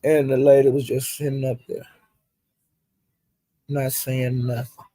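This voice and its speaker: A woman's voice: rumbling low, unhurried. A woman vlogger casually recapping livestream drama, with a loose, rambling, slangy delivery. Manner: animated retelling that acts out each person's lines. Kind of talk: casual gossip storytelling.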